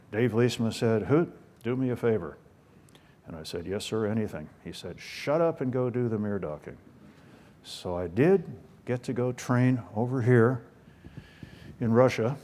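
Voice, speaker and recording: This older American guest speaker has a medium-pitched, slightly mellow voice. His storytelling talk leans on folksy humor at his own expense.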